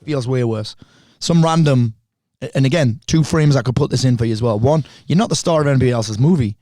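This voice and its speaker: Man, blunt, swears a lot, fast talker, dry close sound, average pitch. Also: mellow, no room sound. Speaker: podcast guest, speaker and coach. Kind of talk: candid conversation.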